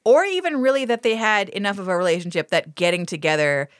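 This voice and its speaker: A woman's voice: medium pitch, dry recording. Podcast lady recapping an old tv show, swears a bunch, keeps cracking up, dead dry mic. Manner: laughs often, swears, acts out characters in quick asides. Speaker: podcast co-host. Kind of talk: casual comedic recap chat.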